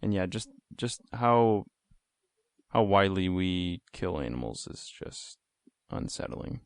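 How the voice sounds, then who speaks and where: A man's voice: sits low, sing-song, a little slow, smooth, no echo. A young man hosting a podcast, asking curious, playful questions in casual chat. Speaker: podcast host.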